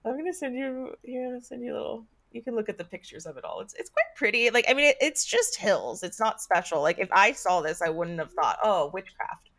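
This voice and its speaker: A woman's voice: medium pitch, sing-song, a little fast, creaky, fairly bright tone. A woman co-hosting a casual chat podcast, chatty and giggly, often stumbling over hard words. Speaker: podcast co-host.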